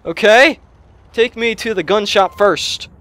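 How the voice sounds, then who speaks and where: A young man giving excitable gameplay commentary on his own gaming channel, shouting and yelping at the game between quick chatter. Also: sits high. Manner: loud, yelps and shouts at the game. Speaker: let's play gamer. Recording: lo-fi restored audio.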